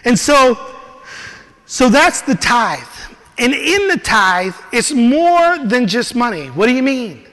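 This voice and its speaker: A high-pitched man preaches a sermon, telling his own story with animation and laughing as he talks. His voice carries a long reverb, as if it fills a church hall. He is lively and personal as he speaks to a congregation. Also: slow pace.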